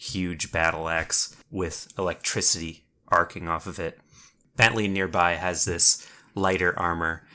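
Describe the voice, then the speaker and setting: Low, bright-toned male game master, slow measured storytelling. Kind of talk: narrating a tabletop game.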